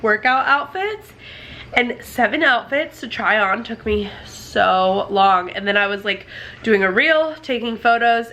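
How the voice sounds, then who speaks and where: Bright-voiced chatty woman vlogging at home. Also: a little high. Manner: chatty and rambling, many "like" and "um" fillers. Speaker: family vlogger. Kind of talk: casual vlog chat to camera. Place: indoors at home near a running dryer.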